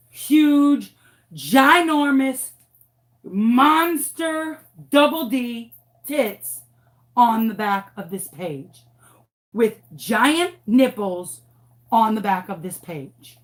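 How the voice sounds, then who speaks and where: A woman in her thirties, a former teacher telling a dramatic story casually during a craft tutorial. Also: on the high side. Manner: animated, dramatic, acts out what people said.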